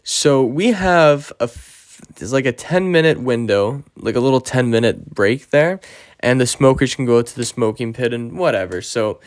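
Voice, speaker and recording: A young man tells a story in a loose, rambling style, dropping curses and "you know" everywhere. His voice is smooth and clear, recorded close with a dry sound and no room around it. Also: mid-range voice, expressive, moderate pace, no room sound. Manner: rambling, profane, lots of fillers like "you know" and "right?". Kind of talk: casual storytime monologue.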